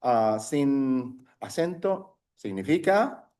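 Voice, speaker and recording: A man's voice: mid-range voice, expressive, slow pace, warm tone. A man teaching an adult language class as the teacher. He is patient, and he stops often to repeat himself and confirm answers. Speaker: Spanish teacher. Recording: echoey room sound.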